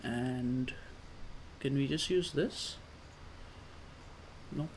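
A man doing casual let's play commentary, coaxing his character along with repeated calm-down phrases. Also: mid-range voice, drawn-out words, slight background noise. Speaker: gamer.

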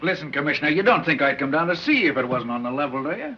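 A cocky slang-talking gangster. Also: male voice, on the high side, animated, husky. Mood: pushy. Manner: fast-talking, pushy street slang. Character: cocky gangster bargaining with police. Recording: dull 1930s film soundtrack with hiss.

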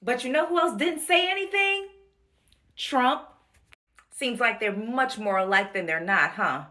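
Woman, high voice, explanatory voice-over, plain and wry. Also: expressive, measured pace, sharp tone.

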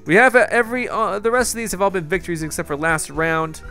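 A young man giving excitable live commentary on a video game, talking to his viewers with jumpy exclamations. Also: high voice, fast, soft background music. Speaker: gaming YouTuber.

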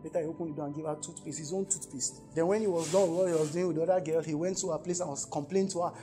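A man with a Nigerian English accent preaching a sermon to a campus congregation, swinging between loud emphatic calls and low asides and asking the crowd questions. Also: steady tone, racing, few pauses, faint music behind.

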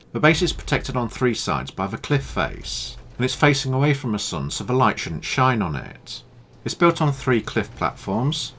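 Male gaming commentator, low and expressive, calm explainer tone. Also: slight background noise. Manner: calm, explanatory, matter-of-fact. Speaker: gaming YouTuber. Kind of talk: gameplay commentary.

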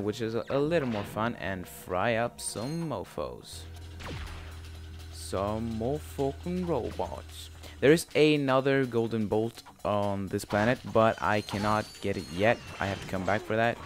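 A young man casually commenting on a video game he is playing, rambling and joking with lots of swearing. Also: on the low side. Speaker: gaming channel host. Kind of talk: casual let's-play commentary.

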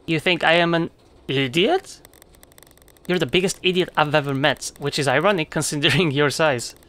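A game commentator voicing a young girl heroine who snaps insults in a quick, biting way. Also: medium pitch, fairly bright tone, close to an everyday voice. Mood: snapping. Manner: snappy, insulting. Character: young glass girl heroine, sharp-tongued.

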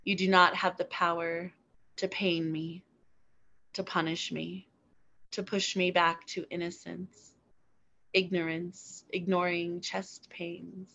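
Woman spoken word poet, slow and deliberate, bright tone, slightly dull lo-fi recording. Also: lowish voice, level tone, gravelly. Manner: measured, deliberate delivery with weighted pauses.

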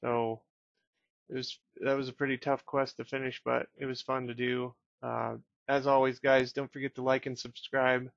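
Gravelly man casually narrating a game. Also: mid-range voice, moderate pace, no echo, dull audio. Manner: relaxed, chatty, reads game text aloud. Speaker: gaming channel host. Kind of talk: casual let's-play commentary.

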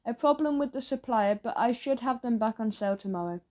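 A woman's voice: a little high, animated, brisk, a little mellow, natural voice. A woman voicing an overly eager, chatty male newsagent who keeps pushing sweets in a salesy, fawning way.

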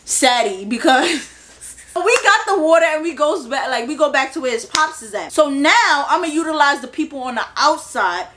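Brief: young woman, high voice, loose slangy storytime delivery full of swearing. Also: normal speed, slight background noise. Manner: animated, profane, slangy storytelling. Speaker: vlogger. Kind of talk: storytime vlog.

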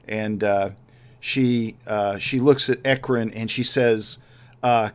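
Slow, halting male game master. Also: lowish voice, fairly even intonation. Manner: hesitant, many fillers and restarts while describing scenes. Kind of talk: narrating a tabletop game.

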